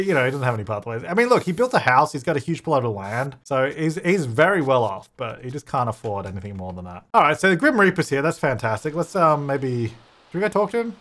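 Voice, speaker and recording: Lively chatty man narrating gameplay. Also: medium pitch. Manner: chatty, laughs often, talks to game characters. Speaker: gaming YouTuber. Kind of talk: casual gameplay commentary.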